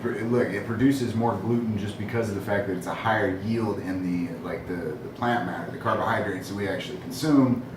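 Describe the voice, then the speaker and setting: A Texan man with a low voice rants animatedly, throwing in "man" as he goes. He sits back from the mic in an echoey room. A steady rumble runs underneath his voice. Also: distant mic. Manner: animated ranting, says man a lot. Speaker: panelist.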